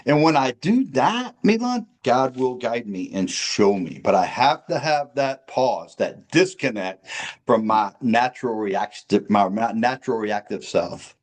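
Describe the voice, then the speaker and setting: A man's voice: medium pitch, animated, a little slow. A man co-hosting a recovery podcast, talking in an earnest, emphatic, preacherly way. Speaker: podcast co-host.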